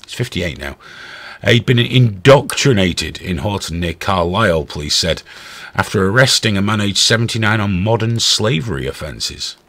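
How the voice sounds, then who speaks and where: A man's voice: on the low side, lively intonation, moderate pace, fairly bright tone. A middle-aged English man hosting a show, giving a blunt, sarcastic, heavily sworn rant about the news. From England. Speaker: show host. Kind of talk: ranting commentary.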